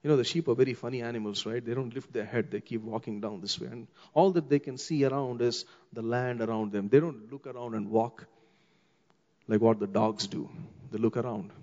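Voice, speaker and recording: A middle-aged man with an Indian English accent, preaching a sermon as a pastor and slowing down for emphasis. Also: mid-range voice. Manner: expressive, slows down for emphasis, acts out quoted voices. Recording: long hall reverb, dull muffled sound.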